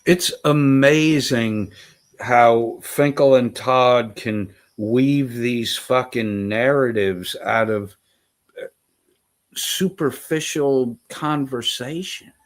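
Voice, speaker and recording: A man's voice: medium pitch, slow pace. A man in a scornful, profane rant, hurling insults. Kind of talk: ranting commentary.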